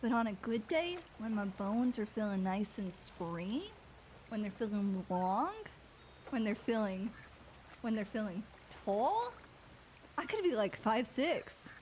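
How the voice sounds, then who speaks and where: A woman livestreaming a role-play game, chatting casually and excitably, swearing freely as she goes. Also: mid-range voice, measured pace, a little hiss or hum, rough recording.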